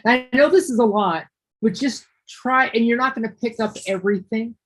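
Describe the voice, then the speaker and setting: A woman's voice: on the high side, poor audio. A woman teaching English one-on-one, explaining patiently and going back over her words. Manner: patient, explains slowly with repeats and restarts. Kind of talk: one-on-one online ESL lesson.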